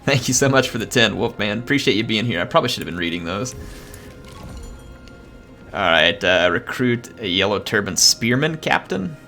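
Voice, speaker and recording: A man with a low-set but bright, forceful voice commentates his live gameplay stream, his pitch bouncing around animatedly. He chats loosely and excitably, explaining the game as he goes. Faint game music plays underneath. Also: moderate pace. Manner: chatty, excitable, thanks viewers. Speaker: gaming streamer.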